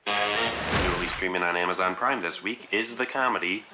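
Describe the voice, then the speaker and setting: A man reading scripted entertainment news narration as a reporter, in a smooth, even newsreader delivery. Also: low voice, normal speed. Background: film soundtrack music.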